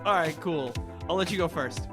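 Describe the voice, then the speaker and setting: A man's voice: on the high side, normal speed, music in the background. A man co-hosting a podcast, trading crude jokes in casual banter. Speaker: podcast co-host. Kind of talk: casual chat.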